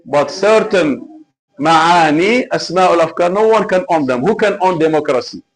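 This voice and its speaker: A man's voice: a little high, expressive, moderate pace, low-quality recording. A man teaching an Arabic class live online, patient and repetitive as he drills examples.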